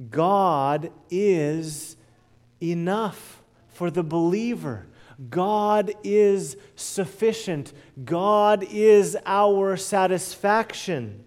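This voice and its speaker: High-voiced earnest preaching man. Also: lively intonation, extremely slow. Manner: earnest preaching, swelling loud then dropping soft and low. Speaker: pastor. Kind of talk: sermon.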